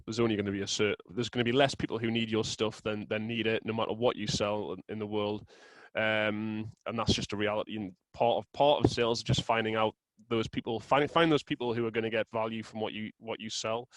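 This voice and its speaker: A man guesting on an interview, explaining his approach in a steady, thoughtful way. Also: on the low side, no echo, rough recording. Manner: measured, explanatory, with fillers and restarts. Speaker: guest, sales software co-founder. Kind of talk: casual interview chat.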